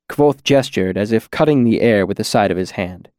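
A man narrating an audiobook in an even, unhurried, scripted way. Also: on the low side, clear, resonant tone, dry recording, studio quality.

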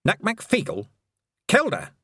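A stern elderly witch woman, curt and piercing, firing off short questions in a high voice. A man puts her on while reading the story aloud. It is recorded close and dry. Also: wildly swooping pitch, unhurried, fairly bright tone, no echo, exaggerated voice. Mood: demanding. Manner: curt and demanding.

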